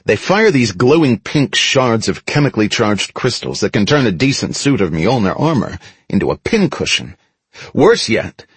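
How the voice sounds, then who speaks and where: Husky, expressive male audiobook narrator. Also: medium pitch, no echo. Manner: expressive, dramatic storytelling. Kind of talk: first-person audiobook narration of an action story.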